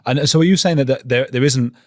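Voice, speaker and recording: A man's voice: medium pitch, quick pace, no room sound, clean studio sound. A man interviewing a guest, inquisitive and thinking aloud as he asks questions.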